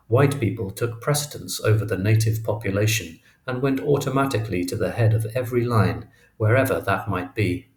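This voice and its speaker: A man narrating an audiobook in a measured storytelling read, in a roomy-sounding recording. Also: lowish voice, a little mellow. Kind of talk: scripted narration. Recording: roomy echo.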